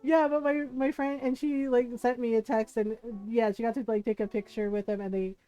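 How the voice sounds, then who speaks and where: A woman's voice: fairly high pitch, level tone, fairly quick, warm tone, clear, resonant tone, soft background music. A woman streaming a life-sim game, chatting casually, telling stories and laughing often. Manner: chatty, storytelling, laughs often, playful quoted voices.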